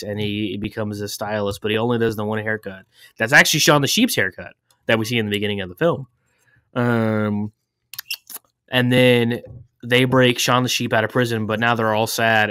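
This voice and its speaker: A man with a low, smooth, resonant voice stumbles loosely through a movie summary, pausing often on fillers. He sounds close and dry, with no room around him. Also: fairly bright tone, no room sound. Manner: meandering, hesitant, full of "uh" and restarts. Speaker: podcast co-host. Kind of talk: casual rambling plot summary.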